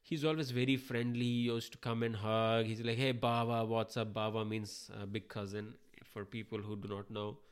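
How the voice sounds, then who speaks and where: A man's voice: on the low side, steady tone, moderate pace, hardly any pauses, clean tone. A man from India, hosting a podcast while sick and under the weather, in a rambling, self-deprecating monologue that swears casually. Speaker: podcast host.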